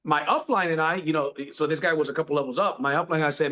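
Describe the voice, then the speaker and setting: A man's voice: a little high, fast talker, hardly any pauses, sharp tone. Man casual, bro-talking storyteller. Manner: laid-back, peppers speech with "bro". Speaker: podcast guest. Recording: dull lo-fi sound.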